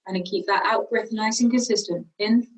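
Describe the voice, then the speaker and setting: A woman teaching singing, calmly guiding a vocal warm-up with slow, encouraging cues. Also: medium pitch, recorded from a distance, rough recording. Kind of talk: guided vocal warm-up lesson.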